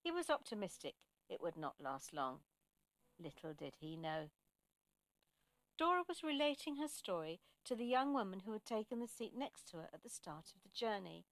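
Woman storyteller, gentle measured reading, mid pitch, very dry sound. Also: big pitch swings, no room sound. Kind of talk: storytelling narration.

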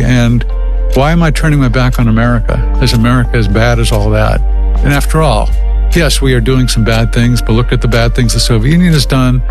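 Man, reflective storyteller, halting and repetitive, music underneath. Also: medium pitch, darkish tone. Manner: halting, repeats words and restarts. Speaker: interviewee recounting his past.

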